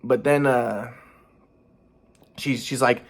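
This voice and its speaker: A man's voice: mid-range voice, fairly even intonation, takes it slowly. A man telling a personal story in a rambling vlog monologue, full of stumbling restarts and frank, profane asides.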